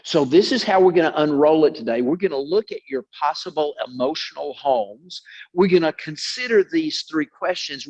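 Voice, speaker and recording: A man leads a Bible study in a lively storytelling sermon. He often repeats words for emphasis, and his voice sits slightly high for a man. The recording sounds muffled and lo-fi.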